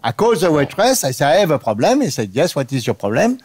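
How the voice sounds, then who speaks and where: Man, French accent, broken English comic anecdote, playful, laughs at own punchlines, slightly high voice, very lively pitch. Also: quick pace, a little hiss or hum. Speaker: guest impressionist.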